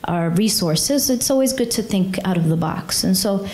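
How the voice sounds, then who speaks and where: A young woman speaking to a community audience as a charity chairperson, earnest and conversational, with many fillers and lively retold dialogue. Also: mid-range voice, normal speed. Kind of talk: personal storytelling talk to a community audience.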